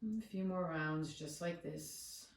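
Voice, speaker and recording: A woman yoga teacher leading a guided breathing meditation with slow, soothing cues. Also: deep voice, vocal fry, distant mic. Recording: echoey room, away from the mic.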